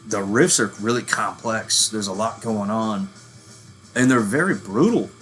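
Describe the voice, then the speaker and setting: With soft music playing behind him, this thirty-something metal channel host rambles through a foul-mouthed, easygoing rant about bands, describing himself as a working-class hillbilly. He speaks low and unhurried, with a bit of brightness.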